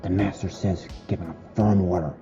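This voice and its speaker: A man narrating a horror short story in a slow, dramatic storytelling manner. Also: sits low, steady tone, vocal fry, dark tone, dull audio, soft background music.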